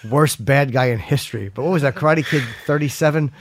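A man's voice: mid-range voice, fast talker, dry recording. A man in casual podcast chat who jokes a lot and reads an ad live. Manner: joking, wisecracking. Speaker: podcast co-host.

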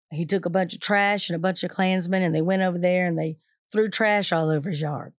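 A woman teacher retelling a true story to listeners, lively and acting out the quoted voices. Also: lowish voice, dry recording, clean studio sound.

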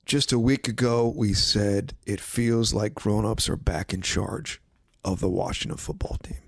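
A man hosting a sports podcast, talking casually and sarcastically, giving betting picks and mimicking others in quick asides. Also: medium pitch, vocal fry, no echo, studio quality. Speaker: podcast host.

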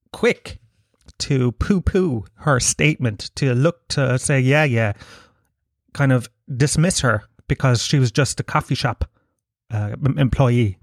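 An Irish man hosting a solo podcast, chatting in a rambling, jokey way and swearing freely. His voice sits at a middling pitch. The sound is dry and close on the mic. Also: slow pace, no echo. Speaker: podcast host. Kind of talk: casual solo podcast chat.

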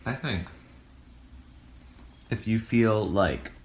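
A man with a very deep voice gives his partner advice. He speaks calmly and in a measured way, and he is steady and reassuring throughout. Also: slight background noise.

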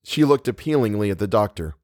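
A man giving a measured, scripted narration of a novel. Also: on the low side, lively intonation, a little mellow, no echo, studio quality. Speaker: audiobook narrator.

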